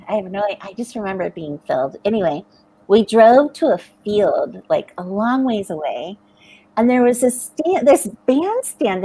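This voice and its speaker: Husky, lively American woman telling stories. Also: fairly high pitch, rough recording. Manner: chatty storyteller, laughs often, animated. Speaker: livestream co-host. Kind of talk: casual chat.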